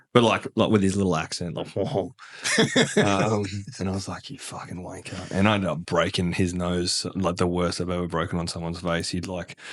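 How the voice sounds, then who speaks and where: Deep-voiced Australian man telling stories. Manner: blunt, swearing, laughing storyteller. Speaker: guest. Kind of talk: casual interview chat.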